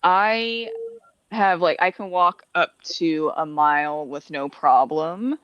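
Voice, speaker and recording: A woman's voice: sits low, slow, fairly bright tone, clear, resonant tone, no room sound. Chatty woman on a muffled video call. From Washington, D.C. area. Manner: chatty, laughs between thoughts. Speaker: livestream guest. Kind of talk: casual chat.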